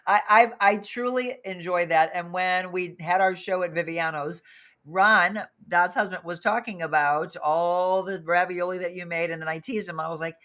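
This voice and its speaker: A woman's voice: lowish voice, normal speed, a bit bright. A woman hosting a talk show, chatting casually, laughing easily and restarting her sentences. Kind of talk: casual chat.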